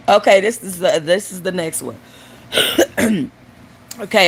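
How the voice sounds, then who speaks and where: A woman's voice: on the low side, breathy edge. A woman hosts her own channel and tells stories and jokes in a casual way. She is crude and blunt, and she speaks straight to her viewers. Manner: crude, joking and blunt, addresses the audience directly. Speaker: host. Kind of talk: casual storytelling and joke telling.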